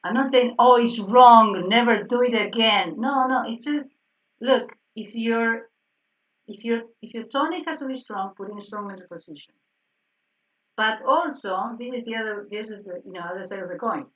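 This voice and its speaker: A woman's voice: on the high side, normal speed. A woman teaching a piano harmony class online, checking in constantly with "yes?" and correcting herself. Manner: animated, frequent "yes?" checks and self-corrections. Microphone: video call. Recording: distant, dull video-call audio.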